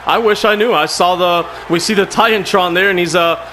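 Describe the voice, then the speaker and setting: A man hosting and commenting on a wrestling video game in a casual, excitable way, often calling people "man". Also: sits high, a little fast, a little hiss or hum. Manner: excitable, frequent "man", shouts at the action.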